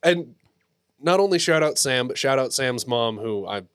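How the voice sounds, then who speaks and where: A young man in his twenties in a casual chat as a podcast co-host, relaxed and chuckling, with frequent filler words. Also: mid-range voice, moderate pace, clean tone, no room sound, clean studio sound.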